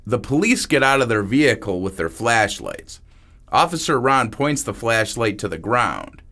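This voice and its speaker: A man narrating a crime story in a plain, unhurried manner. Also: medium pitch, sing-song, sharp tone.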